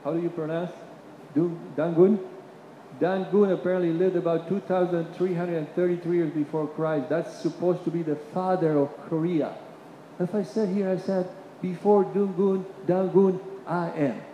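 A man preaching a sermon. He builds to emphatic peaks, drops into quiet asides, and repeats phrases while he searches for words. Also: fairly high pitch, fairly even intonation, moderate pace, dull audio. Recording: reverberant hall, faint room noise.

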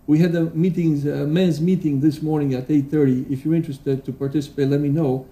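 A man preaching a sermon in a church, earnest and halting, with restarts and fillers, reading quotations aloud with emphasis. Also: a little high, fairly even intonation, warm tone. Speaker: pastor. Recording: roomy echo.

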